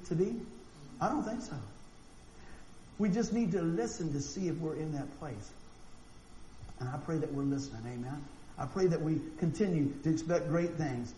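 A man preaching a sermon, animated and folksy, acting out quotes and often repeating words. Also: sits high, a little fast. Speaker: pastor. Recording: echoey room with faint noise.

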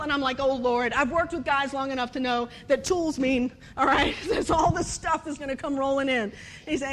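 A woman giving a humorous sermon, animated and storytelling, acting out bits of dialogue and laughing often. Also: high-pitched, brisk. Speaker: speaker at a church service.

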